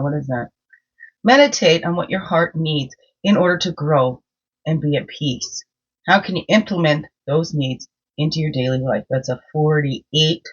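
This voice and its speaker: A woman's voice: low-pitched, slightly rough. A woman and medicine woman giving a casual daily card reading, chatty, sing-song and openly emotional. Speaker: spiritual guide and medicine woman. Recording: dull lo-fi sound.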